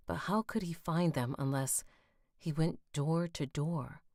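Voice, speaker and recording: A woman's voice: deep voice, measured pace, a little mellow, dry recording, clean studio sound. A woman narrating a fantasy audiobook, stopping to fix slips and rereading lines.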